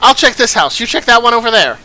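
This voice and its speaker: A brave young soldier from a video game barking quick orders, as a man reads his lines. The voice sits high and loud with a bright, forceful edge. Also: very animated, heavily acted, poor audio. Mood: urgent. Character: urgent young male soldier, brave and bossy.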